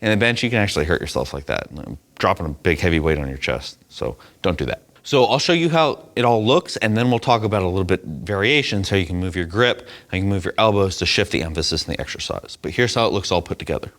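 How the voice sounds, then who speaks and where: A man's voice: low voice, expressive, fast, hardly any pauses, a bit bright. A young man coaching a lift, explaining it step by step and often checking in with "right?". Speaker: strength coach. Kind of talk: instructional demonstration.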